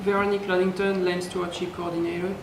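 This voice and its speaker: A woman, a land stewardship coordinator, giving a halting work update at a meeting. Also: on the low side, little pitch movement. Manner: halting, with fillers. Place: town meeting room. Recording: echoey meeting room with faint noise.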